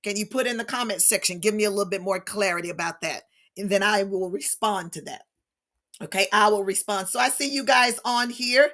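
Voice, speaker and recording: A middle-aged woman, hosting a casual live stream on grief and talking warmly and animatedly to her viewers as "y'all". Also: medium pitch, brisk.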